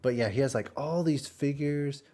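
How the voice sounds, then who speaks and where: A man's voice: mid-range voice, normal speed, dark tone. A man from Texas chatting casually on a stream. His mid-range voice wanders through the story with plenty of fillers and restarts. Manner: rambling storytelling with many fillers. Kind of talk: casual chat.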